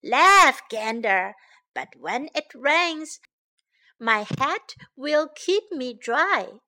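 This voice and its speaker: A woman's voice: high voice, sing-song, drawn-out words, bright, forceful tone, exaggerated voice. A woman voicing a small stubborn male hedgehog in a storybook reading. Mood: indignant.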